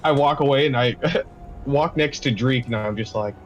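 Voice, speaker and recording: A man's voice: medium pitch, normal speed, dull audio, faint music behind. A man playing a tabletop game, chatting casually, laughing often and swearing now and then. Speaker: player.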